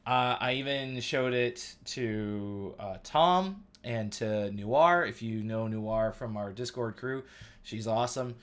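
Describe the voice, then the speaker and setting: A man in his thirties chatting on a live stream from home, rambling and excitable, full of "um" and "like". His pitch sits in an ordinary middle range. He talks loosely and eagerly, like a friend telling a story. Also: takes it slowly. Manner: rambling and excitable, heavy on fillers. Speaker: livestream host. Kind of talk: casual live-stream chat.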